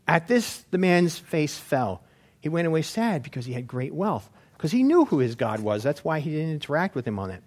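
A man's voice: fairly high pitch, big pitch swings, moderate pace, darkish tone. A man giving an informal Bible teaching in a rambling, anecdotal way, with frequent fillers. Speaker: preacher.

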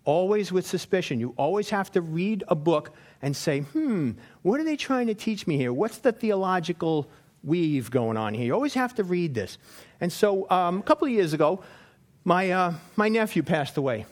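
A man giving an informal Bible teaching in a rambling, anecdotal way, with frequent fillers. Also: a little high. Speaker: preacher.

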